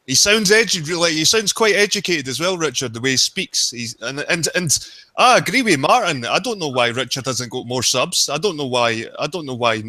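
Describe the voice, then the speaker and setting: A man's voice: on the high side, expressive, a little fast, sharp tone, no echo. A man joining a casual group chat, talking emphatically with an exasperated edge.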